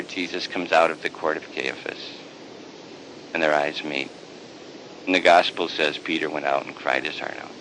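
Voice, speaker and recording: A priest telling a sermon story with animated, dramatic delivery. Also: male voice, low-pitched, a little hiss or hum, poor audio.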